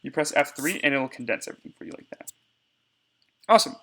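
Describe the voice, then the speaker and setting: Bright-voiced young man explaining software. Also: mid-range voice, wildly swooping pitch, fast talker, gravelly, husky. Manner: casual explanatory, addresses viewers as y'all. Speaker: debate tutorial instructor. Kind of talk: software screencast tutorial.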